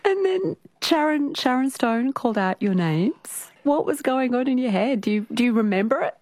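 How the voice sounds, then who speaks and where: A woman hosting a radio interview, asking measured, thoughtful questions. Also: sits high, animated, a little mellow, no echo. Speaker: host.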